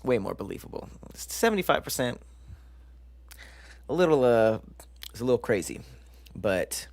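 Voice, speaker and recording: A man's voice: medium pitch, very animated, normal speed, long pauses, no echo. A man hosting a casual live stream, joking with chat and stumbling over long science words as he reads them aloud. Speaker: livestream show host.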